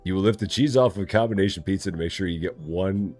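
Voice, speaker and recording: A man's voice: deep voice, fast talker, a little mellow, soft background music. A man streaming a game live, chatting casually, reading chat aloud and joking in a rambling way.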